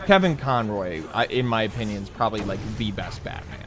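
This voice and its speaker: A man's voice: on the low side, lively intonation, fairly quick. A man chatting on a game stream, rambling loosely and swearing casually.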